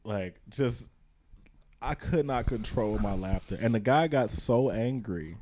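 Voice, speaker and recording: A podcast host telling a story in casual chat, swearing freely and acting out the people in it. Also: male voice, mid-range voice, slow, slight background noise. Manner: animated storyteller, swears freely, acts out voices.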